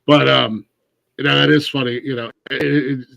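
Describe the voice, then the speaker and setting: A man's voice: medium pitch, steady tone, moderate pace, creaky, sharp tone, no echo. Rambling American man hosting a podcast. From Ohio, USA. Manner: rambling, many restarts and fillers. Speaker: podcast host. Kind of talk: casual interview chat.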